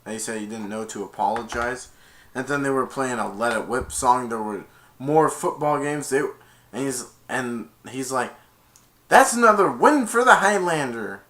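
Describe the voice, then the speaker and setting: A man's voice: mid-range voice, moderate pace. A young man casually retelling a movie's plot in a rambling, loose way, stringing events together with "and then". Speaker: movie reviewer.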